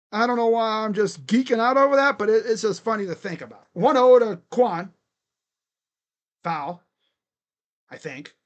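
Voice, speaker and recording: A man doing excitable live play-by-play as a fan, cheering, chanting and grumbling at his team. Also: high-pitched, a little slow, long pauses, highs cut off. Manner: animated, cheering and chanting, swings to muttered grumbling. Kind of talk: excited live game commentary.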